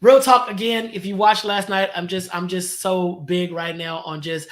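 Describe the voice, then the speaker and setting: Man, high pitch, live stream host, motivational, preacherly, repetitive. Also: fairly even intonation, normal speed, few pauses. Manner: preacherly, encouraging, repeats phrases. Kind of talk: motivational talk to viewers.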